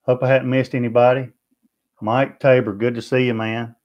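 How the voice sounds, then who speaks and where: A man's voice: mid-range voice, flat delivery, moderate pace, muffled recording. A man with a Southern US accent hosting a barbecue livestream, chatting in a friendly way and answering viewer comments one by one. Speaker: BBQ channel host. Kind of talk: livestream chat.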